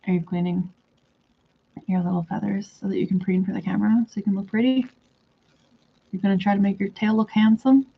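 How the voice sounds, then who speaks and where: A woman's voice: medium pitch, fairly even intonation, brisk, gravelly, long pauses, muffled recording, a little hiss or hum. A woman talking to her pet bird in a casual vlog, coaxing it in a sing-song baby-talk voice, recorded at home. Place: home room by a window.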